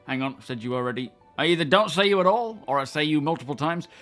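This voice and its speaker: A man's voice: on the high side, animated, quick pace, a bit bright, faint music behind. A young man streaming a game, chatting casually and greeting his viewers by name. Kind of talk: casual live-stream chat.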